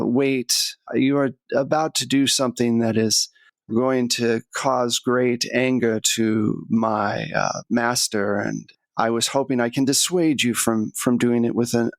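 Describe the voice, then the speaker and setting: A gaunt, gray-skinned otherworldly emissary speaks in a cold, courteous monotone, as a man puts him on at the game table. He talks slowly and evenly in a dry, close voice. His manners stay flat and unbothered. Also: mid-range voice, vocal fry, no echo. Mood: cold, polite. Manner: flat monotone, coldly polite. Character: tall gaunt gray-skinned male servant of a god.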